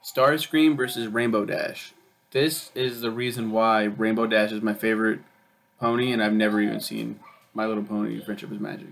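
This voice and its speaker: Gravelly man rambling through a review. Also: on the low side, flat delivery, brisk. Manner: rambling, profane, with many ums and uhs. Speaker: video reviewer. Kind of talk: casual chat.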